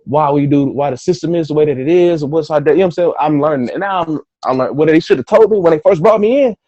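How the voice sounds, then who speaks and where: A man guest on a podcast, telling a story in a casual, animated way, swearing freely and acting out his own reactions. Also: a little high, quick pace, no echo, muffled recording.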